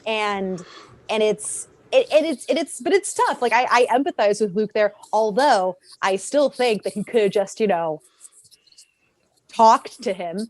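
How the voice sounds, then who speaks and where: A woman talking casually on a podcast, animated and laughing often as she breaks down a character. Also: mid-range voice, unhurried, dry recording. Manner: animated, laughs often, acts out quoted voices. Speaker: podcast co-host. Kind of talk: casual fan discussion.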